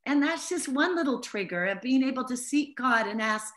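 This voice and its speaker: Bright, earnest woman teaching the Bible. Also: sits high, lively intonation, normal speed. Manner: earnest, heartfelt storytelling. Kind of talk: informal Bible teaching to a small group.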